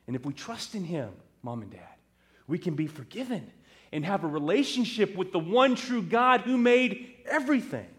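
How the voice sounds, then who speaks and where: A man's voice: high-pitched, sing-song, normal speed, pitched above the performer's own voice. A man voicing a young Roman son newly turned Christian, speaking eagerly to his parents. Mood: fervent. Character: young male Roman convert, eager and fervent.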